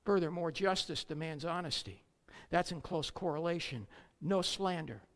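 In a mid-range voice at normal speed, a preacher delivers an emphatic sermon, swinging from loud declamation to quiet asides. He throws in sarcastic jabs and rhetorical questions, and a long reverb tail trails his words.

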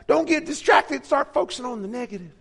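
A man imitating a beaming, upbeat male megachurch preacher in a bright, sing-song delivery. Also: extremely high pitch, lively intonation, fairly quick, gravelly, voice pushed up, heavily acted.

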